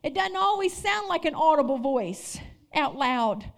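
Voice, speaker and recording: A woman pastor delivers a sermon in a high voice. She calls out to her congregation and moves between loud, fervent declarations and hushed, intimate storytelling. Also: very animated, a little slow, gravelly. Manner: preaching with call-outs, rising and dropping intensity.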